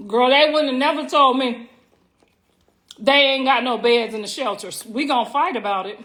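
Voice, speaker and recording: A woman's voice: high-pitched, moderate pace, a bit bright. A middle-aged woman hosting a casual livestream from home on her phone, brash, profane and teasing, talking straight to her viewers and drawing out words for emphasis. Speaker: livestream host.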